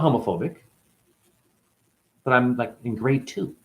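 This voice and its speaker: Man in his forties, rambling host, lively jumpy voice, swears constantly. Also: moderate pace, highs cut off. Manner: profane, rambling, jumpy pitch swings. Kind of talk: rambling livestream talk.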